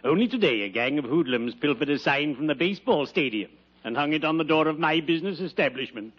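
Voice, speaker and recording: Digby Odell, an oily undertaker. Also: male voice, a little high, animated, fast talker. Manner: smooth, unctuous, mournful puns. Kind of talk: 1940s radio comedy acting. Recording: lo-fi old radio broadcast with hiss.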